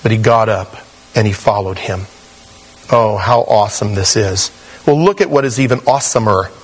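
A man preaching a sermon, telling personal stories and acting out quoted voices with animated swings between a high and a low voice. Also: normal speed, breathy edge. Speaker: pastor.

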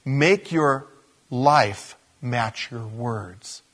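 Husky man preaching a sermon. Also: mid-range voice, extremely slow. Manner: conversational preaching, animated bursts. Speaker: pastor.

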